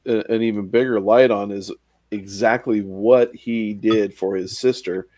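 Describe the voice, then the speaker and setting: A man's voice: on the low side, fairly even intonation, a little slow, mellow, no echo. A man in casual book-discussion chat, recapping the plot with fillers and quoted dialogue.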